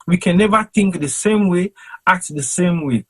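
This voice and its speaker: A Sierra Leonean man with a Krio accent gives impassioned commentary on a panel. His voice is a little husky and pitched somewhat high. He talks in an emphatic, rhetorical way, like a preacher. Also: moderate pace, a bit bright, low-quality recording. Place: cold home in London.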